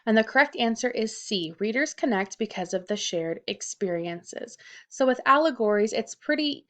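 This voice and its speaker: A woman high school teacher narrating a recorded lesson over slides, explaining things clearly and reading out questions and answers. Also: lively intonation, normal speed, fairly bright tone.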